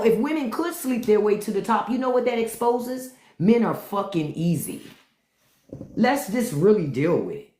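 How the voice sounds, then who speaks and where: Speaking at medium pitch with a darkish tone, she unloads an unfiltered, foul-mouthed rant on her live stream and ridicules her chat. The podcast host's echoey room carries slight background noise.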